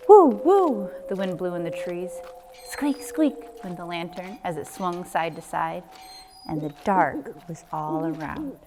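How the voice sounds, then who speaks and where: A woman's voice: lowish voice, unhurried, long reverb tail, slight background noise. A woman, a nature center coordinator, reading a children's book aloud expressively with sound effects.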